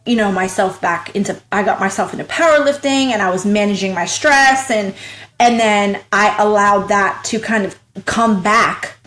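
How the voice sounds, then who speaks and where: Talkative woman, lively storytelling guest. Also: mid-range voice. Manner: animated, acts out her own past thoughts in quoted voices; frank and talkative, rapid bursts of speech. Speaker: podcast guest, small business owner. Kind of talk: casual interview storytelling.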